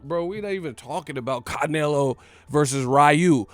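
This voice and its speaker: A man's voice: on the high side, dry recording, soft background music. A man hosting a boxing channel, ranting profanely in a casual live stream. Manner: profane, animated, fast-talking.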